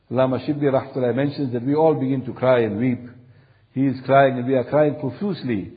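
A man's voice: mid-range voice, fairly even intonation, quick pace, narrow, tinny audio. A male preacher telling a long religious story in a sermon, solemn, repeating phrases for emphasis.

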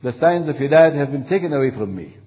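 A man's voice: mid-range voice, lively intonation, quick pace, phone-quality sound. Solemn male preacher telling a tale. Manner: solemn, repetitive emphatic phrasing. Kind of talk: sermon storytelling.

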